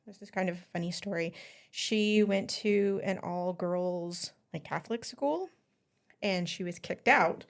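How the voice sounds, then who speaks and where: With a creaky, medium-pitched voice, this woman hosts a podcast and relaxes into a story. She's chatty and giggly, with lots of ums along the way.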